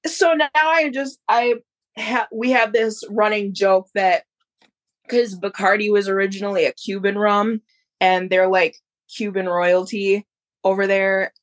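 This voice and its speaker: A woman in her thirties, a podcast guest, telling a story in a casual, animated way. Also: medium pitch, measured pace. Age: 30s. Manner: animated, acts out others' voices in quotes.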